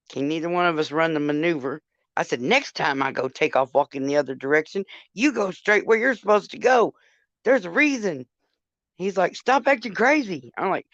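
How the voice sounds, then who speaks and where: A woman's voice: deep voice, no room sound. Older woman, livestream storyteller, cursing, chatty, dry muffled sound. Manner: profane, chatty, addresses viewers directly. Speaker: livestream host. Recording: dull lo-fi sound.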